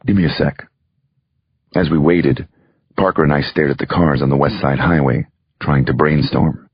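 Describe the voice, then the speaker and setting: Super deep gravelly guy reading an audiobook, dry dull sound. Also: steady tone, moderate pace, no echo. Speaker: audiobook narrator. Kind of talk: scripted first-person narration.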